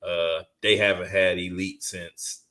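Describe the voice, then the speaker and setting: A man's voice: low-pitched, slow. Profane, slangy male sports podcaster. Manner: profane, slangy, animated trash talk. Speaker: podcast co-host. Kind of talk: casual sports chat.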